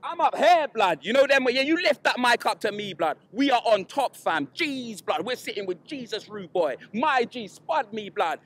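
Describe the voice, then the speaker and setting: A man's voice: very high voice, expressive, normal speed, hardly any pauses, a bit bright, a little hiss or hum. A man with a London accent, a guest trading boastful, slang-heavy football banter.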